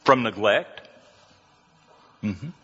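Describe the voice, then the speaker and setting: Slow-talking male pastor in a reverberant hall. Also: on the low side, animated, a bit bright, breathy edge. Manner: storytelling, slow and conversational with audience questions. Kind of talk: sermon. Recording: dull lo-fi sound in a reverberant hall.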